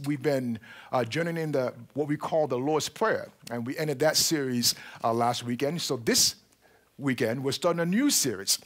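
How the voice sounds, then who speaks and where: A man, a pastor, welcoming the congregation and giving announcements, talking with many pauses and fillers. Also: mid-range voice. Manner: warm, halting delivery with many fillers. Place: church auditorium.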